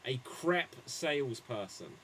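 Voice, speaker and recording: A man hosting an improv comedy show, calling on players and delivering pun jokes with a dry pause. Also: mid-range voice, lively intonation, a loud crowd. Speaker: improv game host.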